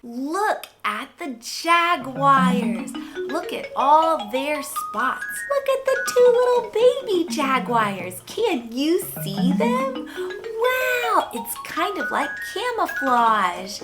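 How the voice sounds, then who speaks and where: A woman's voice: sits high, big pitch swings, drawn-out words. A woman hosting a toddler phonics lesson in an exaggerated, enthusiastic singsong baby-talk manner. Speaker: children's educational host. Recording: loud background music.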